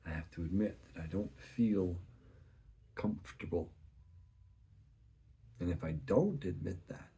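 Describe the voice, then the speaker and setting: A man in his thirties sharing a personal faith testimony in an earnest, searching way, often soft and hushed. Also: low-pitched, a little slow, long pauses. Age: 30s.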